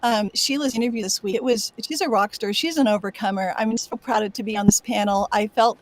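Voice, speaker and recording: A woman in her sixties, a guest on an online panel, talking in an effusive, excitable way and gushing with praise for the others. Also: medium pitch, fairly quick, no echo. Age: 60s. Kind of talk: casual online panel chat.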